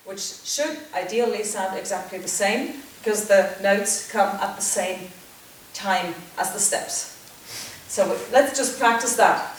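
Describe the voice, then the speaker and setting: A woman dance teacher giving step-by-step instruction, counting beats and calling out steps in a steady rhythm. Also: a little high, a little slow. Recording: echoey, distant, noisy room sound.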